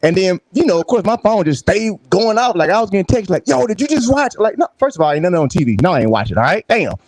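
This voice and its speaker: Male show host, high and very lively voice, dry close sound, slangy and animated. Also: fast, no room sound. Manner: animated, loud shout-outs, slangy. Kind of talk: casual live-stream chat.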